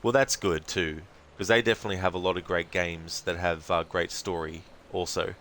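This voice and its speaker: Australian man, streamer, low voice, relaxed chatty commentary, many fillers, faint background noise. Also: normal speed. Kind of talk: casual gaming commentary.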